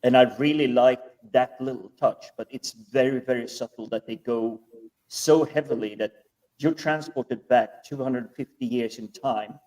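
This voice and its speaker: Hesitant man, mellow voice, typing behind. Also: medium pitch, fairly even intonation, recorded from a distance, rough recording. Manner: hesitant, halting speech with many fillers. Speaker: panelist. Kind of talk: casual panel chat.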